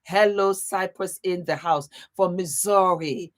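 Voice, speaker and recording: A woman hosting a casual live stream, greeting viewers warmly by place and laughing often as she chats. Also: lowish voice, measured pace, few pauses. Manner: warm, chatty, calls viewers baby and beautiful. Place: home, seated.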